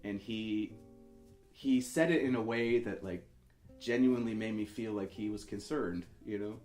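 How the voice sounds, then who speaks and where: Low-voiced young man rambling through a story. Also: normal speed, darkish tone, echoey room, faint music behind. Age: 20s. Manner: rambling, self-correcting, acts out quoted voices. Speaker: musician telling a story. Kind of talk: casual storytelling.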